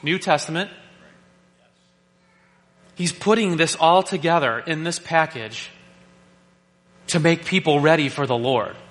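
Animated male preacher who jokes and asks rhetorical questions, with a slightly high, bright voice. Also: a little slow, pauses often. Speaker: pastor. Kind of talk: sermon. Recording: long reverb of a large hall.

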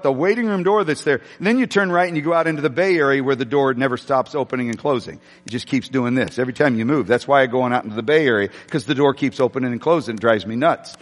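A male pastor telling a story during a sermon, chatty and self-deprecating, with halting restarts. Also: mid-range voice. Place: church sanctuary. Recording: long hall reverb.

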